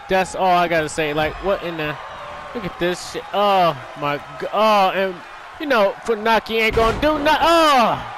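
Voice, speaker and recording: A man hosting a gaming channel, giving casual commentary on a wrestling game, exasperated, shouting at the screen and swearing. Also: high-pitched. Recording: game audio with loud crowd noise. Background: video game crowd noise.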